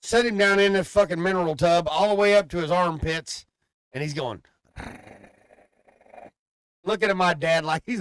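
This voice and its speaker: A man co-hosting a casual podcast, telling long, profane, animated stories about his dog. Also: fairly high pitch, fairly quick, dry recording. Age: adult father. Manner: profane, animated rambling storyteller. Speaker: podcast co-host. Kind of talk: casual chat, storytelling.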